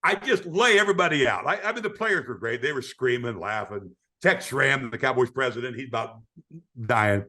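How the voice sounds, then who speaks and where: A man's voice: medium pitch, expressive, normal speed, sharp tone. An older man, a retired sportscaster, telling stories in a podcast interview, acting out quoted voices with frequent stammering restarts. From United States.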